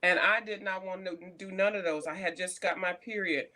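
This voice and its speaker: Profane, bright-voiced woman telling stories. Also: on the low side, steady tone, fairly quick. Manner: profane, blunt storytelling. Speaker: co-host. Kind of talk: casual chat.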